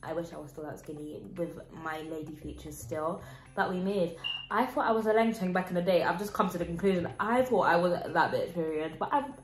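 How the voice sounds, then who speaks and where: A woman's voice: lowish voice, fairly quick. Giggly teen girl. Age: teens. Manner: giggly, self-mocking, exclaiming. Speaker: vlogger. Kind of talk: casual reaction vlog. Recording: roomy echo, faint music.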